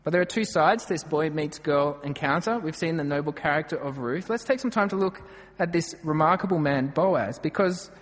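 A man's voice: fairly high pitch, expressive, brisk, big-room sound. An Australian man preaching a sermon, earnest and emphatic as he works through a passage verse by verse.

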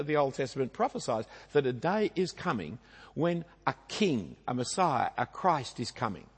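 A man's voice: mid-range voice, gravelly, a little mellow, slightly rough. An Australian man preaching a sermon in a conversational way, with rhetorical asides and tag questions. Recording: long hall reverb.

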